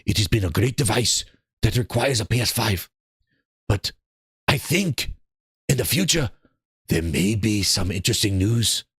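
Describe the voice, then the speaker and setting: Man doing a coy, low-voiced exec with a mock French accent. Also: expressive, fairly bright tone, slightly rough, no echo, studio quality, heavily acted. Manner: halting, teasing, mumbled hedges. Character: low-voiced male game executive, coy and evasive.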